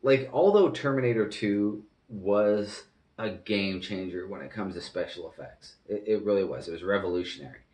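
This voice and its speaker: A man's voice: on the low side, moderate pace, darkish tone, reverberant, far from the mic. A man giving an earnest, rambling, casual reaction to a film as a movie reviewer.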